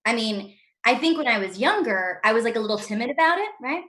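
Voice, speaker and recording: Brash woman stand-up, bright, lively delivery, video call. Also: a little high, fast. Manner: brash, animated storytelling. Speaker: stand-up comedian. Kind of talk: raunchy stand-up set.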